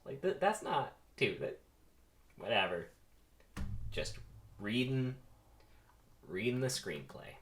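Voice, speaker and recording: A man's voice: medium pitch, very animated, slow, pauses often, fairly bright tone, a little hiss or hum. Amused man reading a screenplay aloud. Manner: amused, offhand asides. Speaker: content creator. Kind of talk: comedic script reading.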